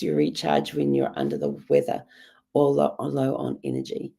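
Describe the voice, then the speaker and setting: A woman with a badly hoarse, croaky voice, gravelly and breathy, warm and dark in tone, her pitch swinging widely as she talks. She hosts a casual journaling vlog, rambling along with plenty of ums and the odd cough. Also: very animated, moderate pace. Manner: rambling, chatty, many ums. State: coughing now and then. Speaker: host.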